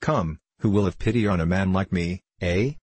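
A man's voice: low-pitched, moderate pace, husky, no echo. Man reading as a rambling drunken ex-clerk. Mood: pleading. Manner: pleading, rambling, rising to fervent declaiming. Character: drunken middle-aged male ex-clerk, self-pitying, fervent. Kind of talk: audiobook character reading.

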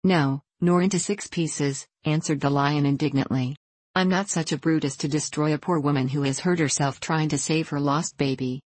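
Lady doing a timid gentle lion, low and mild, storybook reading. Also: steady tone, fairly quick, dry recording. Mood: indignant. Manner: mild, hesitant speech. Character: big timid male lion, gentle and sighing.

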